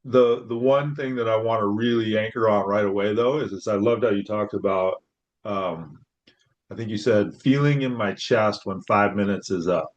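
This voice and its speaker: Male host, thoughtful and halting, lowish voice, dull lo-fi call sound. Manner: reflective and hesitant, many fillers. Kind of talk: casual conversation.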